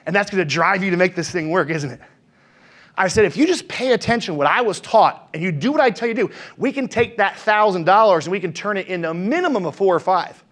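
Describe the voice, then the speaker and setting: A man's voice: high voice, lively intonation, fast talker, a bit bright. A man training salespeople, telling stories with energy and asking his audience questions. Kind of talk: motivational talk with stories.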